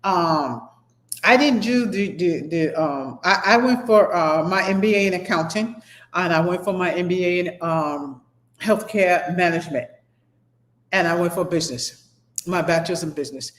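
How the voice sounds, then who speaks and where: A woman's voice: fairly low pitch, normal speed. A middle-aged woman instructor giving a motivational talk to her class, emphatic and rambling, often repeating herself. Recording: echoey room.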